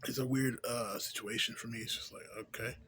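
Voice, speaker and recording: A man's voice: medium pitch, steady tone, a little fast, sharp tone, slight background noise. A young man, a little tipsy from beer, talking loosely in a rambling vlog monologue with lots of slang, fillers and swearing. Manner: loose, profane, filler-heavy slang talk. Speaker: vlogger.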